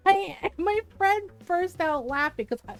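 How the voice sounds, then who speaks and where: A woman streamer chatting casually while playing a game, frank and quick to laugh, swearing freely and acting out the people in her stories. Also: extremely high pitch, animated, soft background music. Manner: frank, swears freely, laughs often, retells dialogue animatedly. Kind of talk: casual chat while gaming.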